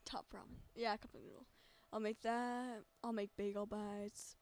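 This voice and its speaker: A woman's voice: mid-range voice, little pitch movement, moderate pace, darkish tone. A teenage woman from California in casual chat, joking, giggly and rambling. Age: teens. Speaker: interviewee.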